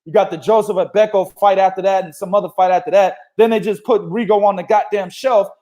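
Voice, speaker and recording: High-voiced man riffing on boxing. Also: fast talker. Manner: animated, swears freely, laughs often. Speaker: boxing podcast host. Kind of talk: casual profane boxing talk.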